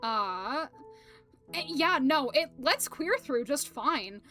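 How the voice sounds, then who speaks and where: Young woman streamer rambling to chat, bright and a bit high, lots of uhs and laughs, faint music behind. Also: animated, slow pace. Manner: rambling, laughing often, many fillers, swearing. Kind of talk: casual chat to stream viewers.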